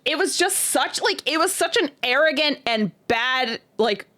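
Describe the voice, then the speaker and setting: A woman's voice: sits high, animated, unhurried, pushed and bright. A young woman chatting casually and venting bluntly, swearing freely. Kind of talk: casual chat.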